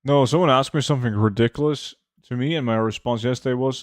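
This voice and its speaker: A man's voice: mid-range voice, fast talker, hardly any pauses, no room sound, studio quality. A man, a game streamer chatting casually and reading his chat aloud in a laid-back way full of fillers. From Norway.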